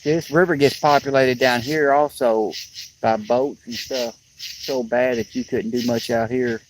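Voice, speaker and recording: A man's voice: mid-range voice, fairly even intonation, a little slow. Sleepy man chatting on a riverbank. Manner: drawling, talkative, plainspoken. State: sleepy, yawning. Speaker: fishing livestreamer. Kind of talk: rambling casual chat to viewers. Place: outdoors on a riverbank. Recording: outdoor clip with loud insect noise.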